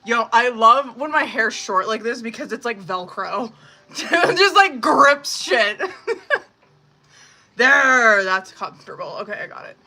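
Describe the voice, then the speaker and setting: A woman's voice: on the high side, expressive, a little slow, bright, forceful tone. A woman in her thirties or forties chatting casually on a live tarot stream, blunt and profane, laughing often as she reads out messages. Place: home kitchen.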